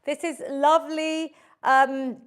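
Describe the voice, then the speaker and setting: High-voiced woman leading a workout. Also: flat delivery, takes it slowly. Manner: encouraging, coaching through moves while exercising. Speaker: fitness instructor. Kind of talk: live online workout class instruction.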